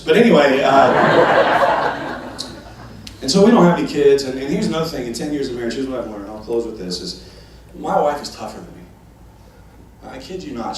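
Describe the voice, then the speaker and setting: A man in his thirties doing a stand-up comedy set, telling a story with lively energy and acting out voices. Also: mid-range voice, noisy background. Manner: animated storytelling, acts out voices and rising excitement. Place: large church hall with a live audience. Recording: echoey hall from far off, audience laughter.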